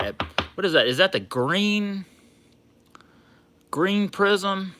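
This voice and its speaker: A man hosting a sports card livestream, chatting casually and getting loudly excited over his pulls. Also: sits high, takes it slowly, background noise. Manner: excitable, hollering and laughing over a big pull.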